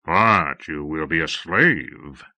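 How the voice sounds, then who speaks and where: A man voicing a bold, gruff male Norse raider chief in an audiobook reading, speaking deliberately. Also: a bass voice, lively intonation, sharp tone, dry recording, pitched below the performer's own voice, exaggerated voice. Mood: commanding.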